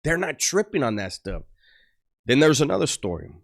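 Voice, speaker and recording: A man telling street and prison stories in casual slang, full of restarts and gruff quoted voices. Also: medium pitch, big pitch swings, normal speed. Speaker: storyteller on a channel. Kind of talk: casual storytelling.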